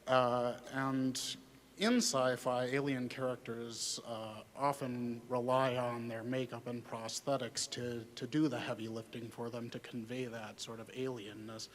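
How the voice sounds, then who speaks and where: A man's voice: medium pitch, flat delivery, measured pace. A man from Minnesota steps up to ask a question from the audience. He speaks in wordy, formal phrasing, full of little hesitations. There is faint background noise under his voice. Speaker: audience member asking a question.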